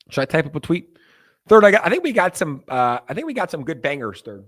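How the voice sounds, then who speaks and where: A man's voice: mid-range voice, big pitch swings, a little fast. A young man hosting a casual crypto livestream. He rambles loosely, with lots of fillers, and reads chat messages aloud.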